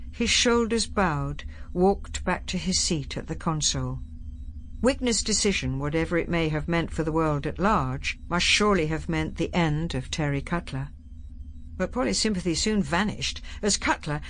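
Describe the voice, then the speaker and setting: A woman narrating an audiobook with an expressive, varied reading. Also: lowish voice, a little hiss or hum.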